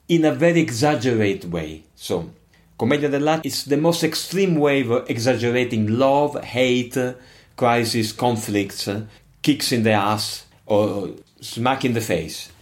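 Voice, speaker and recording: An older man with an Italian accent, a non-native English speaker, answering interview questions in an expressive, emphatic and digressive way. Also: medium pitch. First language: not English. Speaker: musician guest.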